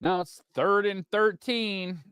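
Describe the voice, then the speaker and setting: A man streaming a watch party, giving casual play-by-play commentary that turns excitable and profane when frustrated. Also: high voice, slow pace, smooth, no echo, studio quality. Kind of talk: casual live game commentary.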